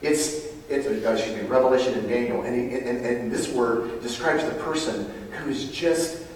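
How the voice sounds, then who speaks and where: A man preaching a sermon to a live audience, animated, with loud emphatic bursts and quiet asides. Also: mid-range voice, normal speed, distant mic. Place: large room with live audience. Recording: roomy hall, picked up from afar.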